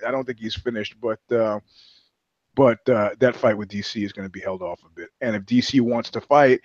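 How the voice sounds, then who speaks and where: A man co-hosting a casual podcast chat, animated and profane, acting out the people he quotes as he tells stories. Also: mid-range voice, dry recording, lo-fi sound. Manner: animated storyteller, swears freely, acts out quoted voices. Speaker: podcast co-host.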